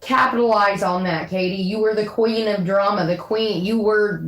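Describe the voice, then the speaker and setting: A woman's voice: mid-range voice, steady tone, moderate pace, rough recording. A middle-aged woman ranting to her viewers in a profane, boastful and threatening way. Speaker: drama livestreamer. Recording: faint background noise.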